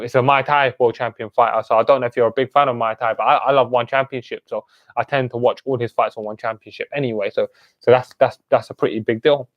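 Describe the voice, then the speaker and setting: A man's voice: medium pitch, dry recording, highs cut off. A man in his twenties hosting a live stream. He chats casually and greets viewers by name with street slang. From United Kingdom. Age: 20s. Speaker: host.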